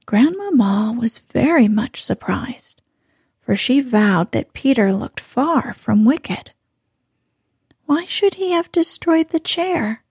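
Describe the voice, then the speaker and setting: A woman narrating a bedtime story in a soft, hushed, unhurried voice. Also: on the high side, animated, no echo, studio quality. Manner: slow, hushed, breathy delivery.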